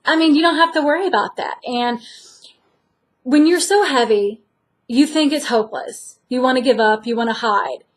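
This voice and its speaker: A woman's voice: high-pitched, normal speed. A woman talking candidly to the camera in an earnest, encouraging way. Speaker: vlogger sharing her weight loss journey. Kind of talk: candid direct-to-camera talk.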